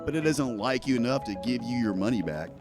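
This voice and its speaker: A man rants in a profane, heated, sarcastic way as he comments on the news. His voice sits at an ordinary middle pitch. Music plays clearly behind him. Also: expressive, quick pace. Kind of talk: ranting casual commentary.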